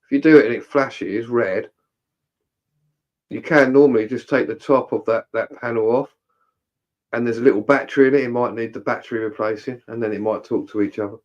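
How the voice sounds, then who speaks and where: A man's voice: medium pitch, brisk, dull audio. A man co-hosting a livestream in casual chat, jokey and rambling, swearing freely as he gives advice. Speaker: livestream co-host.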